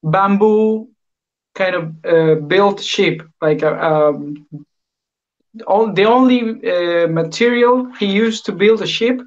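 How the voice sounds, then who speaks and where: A man's voice: high-pitched, slow pace. A man with a Latin American Spanish accent chatting casually on a live stream, rambling with many fillers and restarts. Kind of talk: casual chat. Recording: dull lo-fi stream audio.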